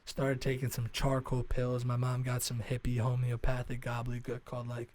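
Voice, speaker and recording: A man's voice: medium pitch, completely flat delivery, normal speed, darkish tone. A young man, a stand-up comedian co-hosting a podcast, telling a casual story with lots of swearing and fillers. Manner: rambling, profane, filler-heavy.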